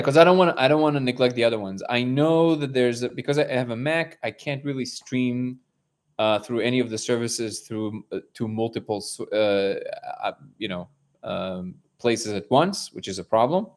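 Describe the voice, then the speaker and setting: A man's voice: mid-range voice, normal speed. A man hosting a daily live chat, rambling as he tells a story and acts out its dialogue. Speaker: livestream host.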